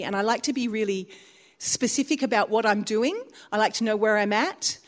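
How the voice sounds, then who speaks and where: A woman preacher giving a sermon in a church. She tells stories in an animated way, with big swings in pitch and frequent laughter. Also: brisk.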